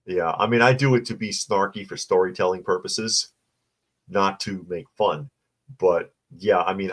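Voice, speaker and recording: Deep-voiced man with snarky news commentary. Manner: reads news and viewer comments aloud, adds snarky asides. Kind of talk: casual livestream commentary.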